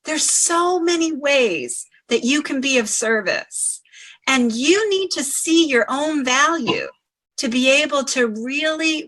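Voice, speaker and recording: A woman speaking in an inspirational talk, slow, gentle and encouraging. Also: high-pitched, rough recording.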